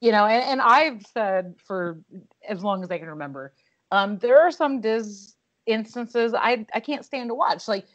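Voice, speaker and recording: A woman co-hosting a podcast, talking in an animated, outspoken way with some swearing. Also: on the high side, measured pace. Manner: animated, opinionated, with profanity and restarts. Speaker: podcast co-host. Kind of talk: casual podcast chat. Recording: slightly dull, muffled audio.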